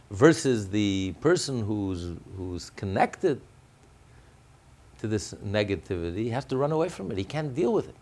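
A man's voice: fairly low pitch, very animated, normal speed, a little mellow. A man explaining a religious text in a class, emphatic, often repeating and restarting his phrases. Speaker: religious teacher.

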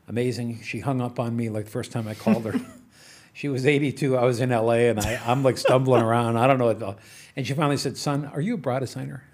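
A man in a relaxed interview spins animated anecdotes about his business ventures. His voice sits at a middle pitch, and he chuckles and trips over his words as the stories build. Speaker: business investor and guest. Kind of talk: casual storytelling interview.

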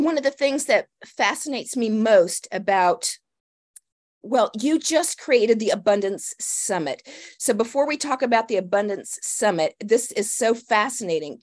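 Woman, podcast host, excitable, rambling, gushing. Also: on the high side, unhurried. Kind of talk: casual interview hosting.

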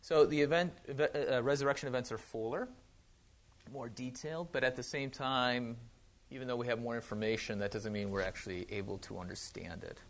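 A man's voice: medium pitch, fairly even intonation, brisk. Man, Wisconsin accent, pastor, casual sermon, joking asides, restarts a lot.

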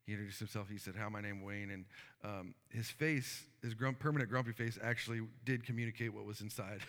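Gravelly-voiced preacher in an echoing hall. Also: male voice, lowish voice, fairly quick, fairly bright tone. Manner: storytelling, earnest, many fillers. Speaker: pastor. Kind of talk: sermon.

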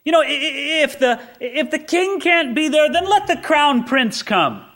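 A man's voice: high voice, big pitch swings, slow, sharp tone, voice pushed up, full character voice. A man doing a scheming, falsely friendly prince. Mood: coaxing. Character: scheming young prince, cheerful fake friendliness.

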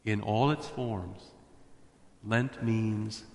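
A man's voice: fairly low pitch, drawn-out words, darkish tone. A man preaching a sermon as a pastor in a church, with emphatic, fervent declarations. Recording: echoey hall reverb.

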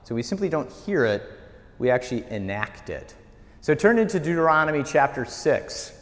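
A male pastor teaching a Bible study in a conversational, storytelling way. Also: normal speed. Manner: conversational storytelling, lively pitch. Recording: echoey hall reverb.

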